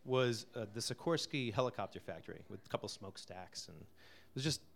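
A middle-aged man from Connecticut introduces a song he wrote, talking softly and haltingly with many fillers. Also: lowish voice, expressive, vocal fry. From Connecticut, USA. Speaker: singer-songwriter introducing a song. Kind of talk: casual spoken intro before a live song.

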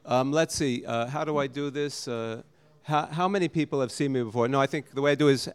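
A man's voice: mid-range voice, brisk, clean tone, faint music behind. A man, a singer-songwriter, chatting casually and ramblingly with a small live audience between songs. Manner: rambling, self-deprecating. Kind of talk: casual stage banter.

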